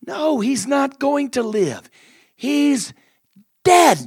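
A preacher voicing Martha, a grieving woman who loudly reproaches Jesus in a high, scolding voice. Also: lively intonation, very slow, full character voice. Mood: reproachful.

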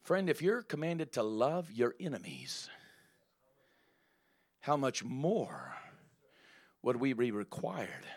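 A man's voice: mid-range voice, sing-song, takes it slowly, long pauses. Emphatic man preaching a sermon. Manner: emphatic, building to loud rising exclamations.

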